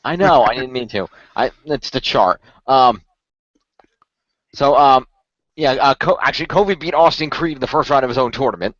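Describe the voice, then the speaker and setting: A man's voice: medium pitch, normal speed, a bit bright, no echo. Rambling male podcast host, muffled audio. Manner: rambling, full of fillers and restarts. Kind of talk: casual chat.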